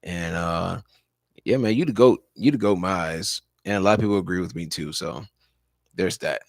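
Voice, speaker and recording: A man's voice: low voice, moderate pace, vocal fry, no room sound. A tired man hosting a casual live-stream sports talk show, rambling loosely and leaning on "you know" as he repeats his points. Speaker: sports talk livestream host and high school coach. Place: at home, dog in background.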